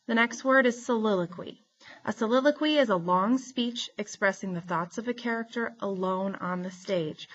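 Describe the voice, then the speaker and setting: A woman teacher giving a recorded lesson, explaining terms in a clear, steady way. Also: medium pitch, muffled recording.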